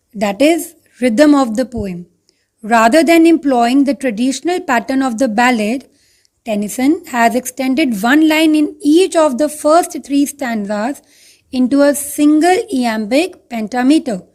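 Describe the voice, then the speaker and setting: A woman's voice: sits high, a little mellow. A woman teacher with an Indian English accent, explaining a poem over slides step by step and repeating key points. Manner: addresses students as children. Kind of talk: online slide lesson.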